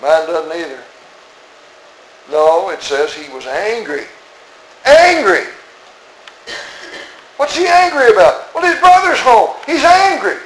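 Male preacher, high-pitched, emphatic and rhetorical, in a roomy church sound. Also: expressive, unhurried. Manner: emphatic, rhetorical questions, swings between soft asides and raised outbursts. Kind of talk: expository sermon. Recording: roomy echo.

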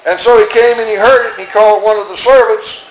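Male preacher, high-pitched, emphatic and rhetorical, in a roomy church sound. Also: fairly even intonation, fast talker, slight background noise. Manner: emphatic, rhetorical questions, swings between soft asides and raised outbursts. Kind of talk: expository sermon. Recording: roomy echo.

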